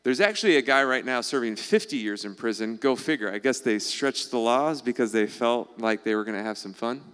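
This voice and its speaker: A man's voice: medium pitch, a little fast, smooth. Man teaching in a reverberant hall. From United States. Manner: keeps checking in with listeners, "all right?", "okay?"; animated, rhetorical questions. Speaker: speaker addressing a live audience. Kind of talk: teaching to a live audience.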